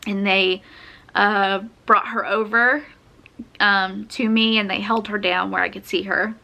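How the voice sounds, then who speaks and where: A woman's voice: medium pitch, fairly even intonation, unhurried, gravelly, bright, forceful tone. A young woman chatting casually, telling a personal story with lots of fillers and frequent laughs. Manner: chatty, laughs often, uses many fillers. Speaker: vlogger telling her birth story.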